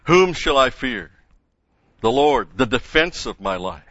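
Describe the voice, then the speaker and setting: A man preaching a sermon, reading a psalm aloud with strong emphasis and slowing down on key phrases. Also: sing-song, fairly bright tone, dry recording. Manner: emphatic, rises in pitch and volume when reading scripture. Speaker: pastor. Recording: dull lo-fi sound.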